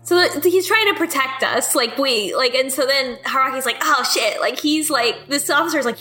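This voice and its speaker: A woman's voice: high voice, expressive, normal speed, sharp tone, faint music behind. A woman co-hosting a casual podcast chat, recapping a video game with loose laughter and swearing. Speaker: podcast co-host.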